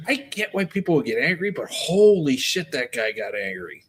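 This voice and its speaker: A man's voice: fairly high pitch, big pitch swings, normal speed, few pauses, crowd noise. A man hosting a casual stream, telling a long funny story and laughing often. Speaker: streamer host.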